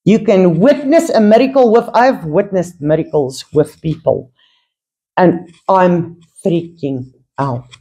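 A woman giving an informal Bible teaching, earnest and animated, telling stories and laughing at times. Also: fairly low pitch, takes it slowly, breathy edge.

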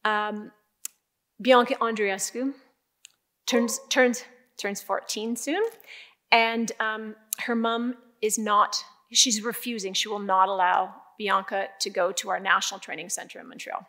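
An older woman giving a keynote speech, telling stories in a lively way with emphatic, repeated phrases. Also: medium pitch, a little slow. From Canada. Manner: lively storytelling, emphatic repetition. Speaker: keynote speaker.

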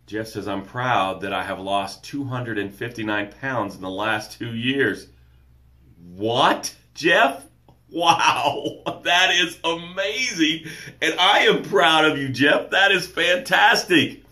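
A man hosting a live motivational show, energetic, greeting viewers by name and reading their comments aloud. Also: slow. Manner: drops soft and low to read quotes and breathing cues. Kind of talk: live-stream motivational talk.

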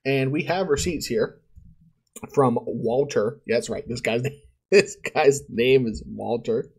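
A man's voice: mid-range voice, breathy edge. A male podcast host talking casually, telling rambling stories in slang and laughing often. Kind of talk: casual chat.

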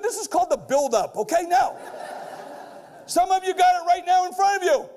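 Middle-aged man with a very high voice, brash stage speaker who builds to shouted punchlines. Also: lively intonation, normal speed. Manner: keeps checking in with the crowd with "okay?". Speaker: keynote speaker. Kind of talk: energetic stage keynote. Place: large lecture hall before a live audience.

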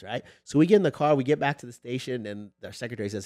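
Man, casual storyteller, mid pitch, dry close mic. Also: quick pace, no room sound. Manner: animated storyteller, acts out quoted dialogue with rising pitch. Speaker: sports lawyer podcast guest.

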